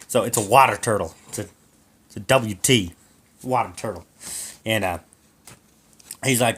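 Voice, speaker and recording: A man improvising a comic story, jumpy and animated, tripping over his words. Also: fairly low pitch, measured pace, long pauses, slightly rough. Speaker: co-host storyteller.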